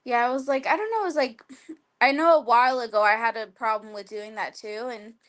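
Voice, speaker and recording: A woman's voice: a little high, brisk, a bit bright. A woman guest on a video-call talk show, chatting casually with a lot of "like" fillers and frequent laughter. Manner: chatty, lots of "like", laughs often. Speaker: guest wrestler. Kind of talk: casual interview chat.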